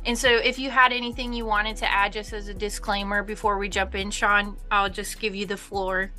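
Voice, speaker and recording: A woman's voice: medium pitch, little pitch movement, normal speed, pushed and bright, soft background music. A woman in her twenties hosting a podcast, chatting casually and emotionally and swearing now and then. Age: 20s. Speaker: podcast host.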